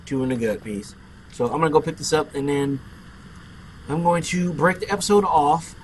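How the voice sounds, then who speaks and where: A young man narrating his online game play, telling a loud, profane story about a fight. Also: fairly high pitch, normal speed, slight background noise. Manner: brash, profane, boastful storyteller. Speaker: gameplay commentator. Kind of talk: casual let's play storytelling.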